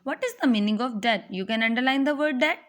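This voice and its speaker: A woman's voice: on the high side, quick pace. A woman teaching a reading lesson, spelling words out letter by letter and explaining their meanings. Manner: mixes in Urdu tag questions. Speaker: English teacher.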